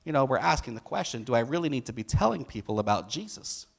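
A man's voice: medium pitch, fast, creaky. A middle-aged man preaching a sermon, telling stories and acting out the lines of the people in them with rising emphasis. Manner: animated storytelling, acts out quotes with rising emphasis. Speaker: pastor.

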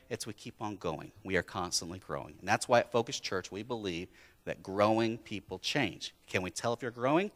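A man's voice: on the low side, lively intonation, a little fast, fairly bright tone, in a large hall. A male pastor preaching a sermon in a church, emphatic and repeating his key phrases.

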